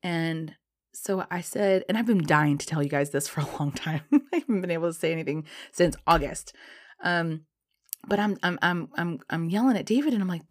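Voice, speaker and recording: A woman vlogger telling a personal story in a casual, animated way, swearing and laughing as she goes. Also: low voice, a little fast.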